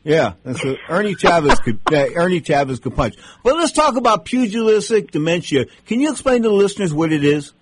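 A man's voice: high voice, very animated, a little fast, hardly any pauses, noisy background. A male radio host telling rambling stories during an interview, with lots of restarts. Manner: rambling anecdotes with many restarts. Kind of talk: casual storytelling interview.

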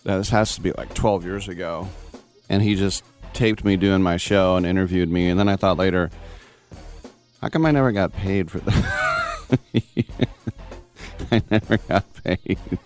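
A man hosting a live sports talk radio show, loose and joking, jumping quickly from one topic to the next. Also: low voice, soft background music. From San Francisco Bay Area.

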